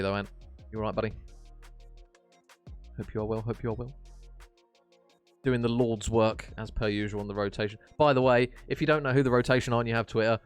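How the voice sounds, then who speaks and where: A man casting an esports match on stream, chatty and jokey, chatting warmly with his viewers. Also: fairly low pitch. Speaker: esports caster. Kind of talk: casual stream commentary reading chat.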